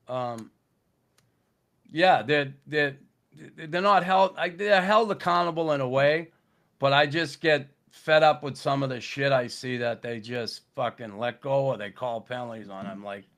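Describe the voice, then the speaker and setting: A man, a podcast guest telling stories in a gruff, blunt way, swearing constantly. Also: mid-range voice, fairly bright tone. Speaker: podcast guest, former hockey enforcer. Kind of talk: casual storytelling chat.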